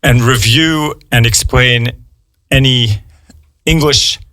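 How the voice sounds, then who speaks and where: A man's voice: medium pitch, sharp tone, dry recording. Hesitant male radio host, dry studio sound. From United States. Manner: slow, hesitant, many fillers. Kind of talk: bilingual radio interview for learners.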